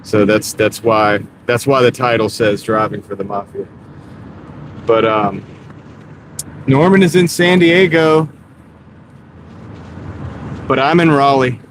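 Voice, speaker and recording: A man chatting casually on a live stream while he drives deliveries, greeting viewers by name in a relaxed, rambling way. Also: medium pitch, slow, pauses often. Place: inside a moving car. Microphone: wireless clip-on mic. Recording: clear car road noise. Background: car and road noise.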